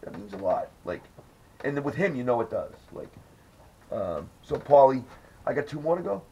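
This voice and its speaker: A man's voice: mid-range voice, big pitch swings, normal speed, warm tone, husky, highs cut off. A man hosting a podcast, telling rambling, profane stories in casual chat. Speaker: podcast host.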